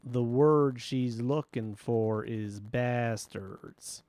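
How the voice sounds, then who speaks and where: A man voicing an easygoing young man with a thick Texas accent and a pleasant, slow drawl. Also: mid-range voice, darkish tone, no echo.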